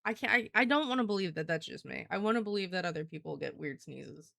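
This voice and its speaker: Young woman streamer, gravelly fry, casual and profane, dry close mic. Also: on the low side, animated, fast talker, sharp tone, no room sound. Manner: rambling, profane, heavy use of "like". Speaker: live streamer. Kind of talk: casual live-stream chat.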